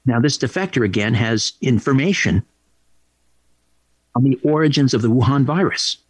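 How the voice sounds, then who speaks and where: A man's voice: mid-range voice, expressive, moderate pace, husky, dry recording. A male talk radio host delivering an indignant, emphatic monologue, repeating phrases for emphasis.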